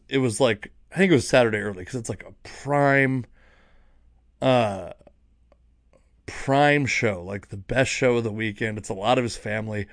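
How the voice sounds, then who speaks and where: A man's voice: mid-range voice, dry recording, clean studio sound. A young man, a stand-up comedian, telling road stories in a rambling, self-mocking monologue with many restarts. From Seattle area. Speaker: stand-up comedian, podcast host. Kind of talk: casual monologue.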